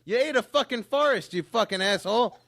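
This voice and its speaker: A man's voice: very high voice, lively intonation, a little fast, fairly bright tone. A man, a comedian guest on a podcast, launching into a profane mock rant that keeps slipping into laughter. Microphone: pushed mic away at times. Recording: distant from the mic, noisy background.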